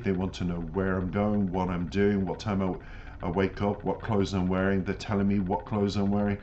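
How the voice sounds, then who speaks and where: A man's voice: low-pitched, steady tone, normal speed, a little mellow. A man hosting a music reaction channel, giving reflective commentary and earnest, emphatic life advice. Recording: dull lo-fi audio with faint noise.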